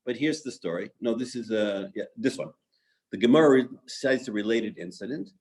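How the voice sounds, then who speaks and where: A man's voice: mid-range voice, normal speed, darkish tone. Man telling teaching stories. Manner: conversational, with fillers and restarts. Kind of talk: Talmud lesson storytelling.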